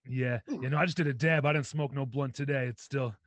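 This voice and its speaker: A man's voice: mid-range voice, steady tone, brisk, no echo. A man hosting a podcast, chatting casually in a laid-back way and laughing often. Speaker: podcast host. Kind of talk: casual chat.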